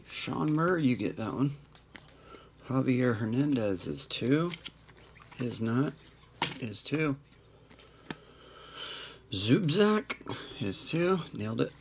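A man's voice: medium pitch, very animated, vocal fry, slight background noise. A man hosting a live trading card break, reading out players and numbers with dry asides. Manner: unhurried, reads off card numbers with dry jokes.

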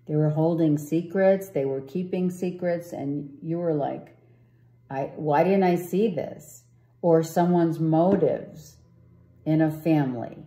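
A woman's voice: low voice, dark tone, reverberant. A woman giving a casual tarot reading, rambling and often asking "right?". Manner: rambling, repeats herself, asks "right?". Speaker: tarot reader.

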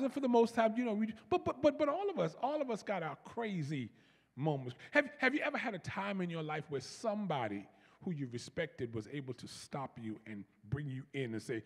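A man preaching a sermon as pastor, animated and repetitive, calling on his congregation to answer back. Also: on the high side, fairly quick, breathy edge, big-room sound. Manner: animated preaching, repeats words, leads congregation call-and-response. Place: large church.

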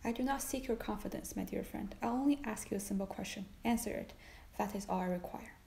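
A woman voicing a brooding aristocratic nobleman, reading his lines in a measured, grave way. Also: mid-range voice, creaky, mellow, echoey room, lightly acted.

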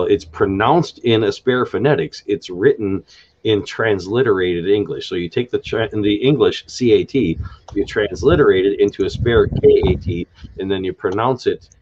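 A man hosting an unscripted live stream, explaining word endings in a halting way with many fillers and restarts, often spelling words out letter by letter. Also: sits low, a little mellow, dull audio. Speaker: live stream host explaining a constructed language.

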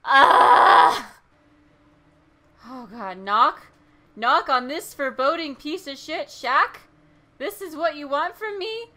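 A woman playing a horror game and reacting out loud, frightened, swearing, gasping and laughing nervously. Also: high voice, lively intonation, measured pace. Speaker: let's play gamer.

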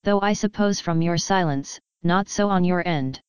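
A woman's voice: fairly low pitch, normal speed, darkish tone, clear, resonant tone, no room sound, close to an everyday voice. A woman reading as a stiff, fussy male tech priest. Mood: dry. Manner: stiff, formal, condescending.

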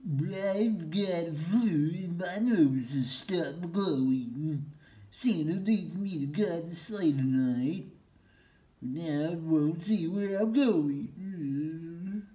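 A gloomy reindeer with the flu speaks in a stuffy, slow drawl from a storybook read-aloud , as a man puts him on. Each word stretches out. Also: fairly high pitch, dark tone, far from the mic, pitched above the performer's own voice, rough recording. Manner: slow, drawn-out lament.

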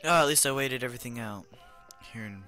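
A young man giving goofy, playful commentary over a video game, chatting to the characters and swinging between loud outbursts and hushed whispers. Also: medium pitch, quick pace, faint music behind. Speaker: gaming commentator.

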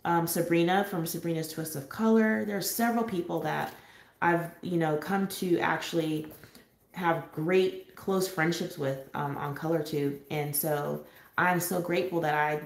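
A woman from San Diego hosting a casual live-stream chat for her coloring channel, talking freely with frequent little laughs and filler pauses. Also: low voice, fairly even intonation, creaky, roomy sound. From San Diego, California. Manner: chatty, laughs often, pauses with um. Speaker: adult coloring channel host. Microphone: home live-stream setup.

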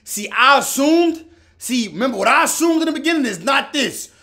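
A man hosting a reaction video, talking in casual slang and getting loud and excited as he comments. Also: brisk. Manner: animated, slangy, pitch jumps and near-shouts when worked up. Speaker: reaction channel host.

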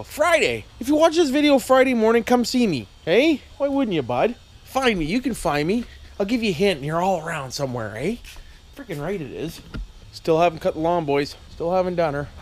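Canadian male vlogger, casual folksy banter, animated pitch, faint background noise. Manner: jokey, folksy, tags lines with "eh" and "why wouldn't I". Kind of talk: casual chat to camera.

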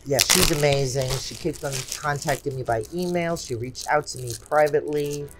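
A woman's voice: low voice, moderate pace, heavy background noise. A woman in her forties hosting a craft channel, chatting casually and exclaiming often as she unboxes gifts at home.

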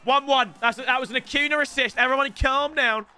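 A young man giving excitable commentary on his own football video game matches, with shouting outbursts and joking banter. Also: very high voice, quick pace. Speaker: gaming YouTuber.

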